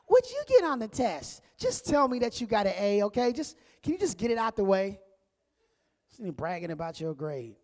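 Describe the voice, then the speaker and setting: A man preaching a sermon as a pastor, telling stories in a relaxed, conversational way and acting out voices. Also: high-pitched, long reverb tail. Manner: conversational storytelling, acts out voices.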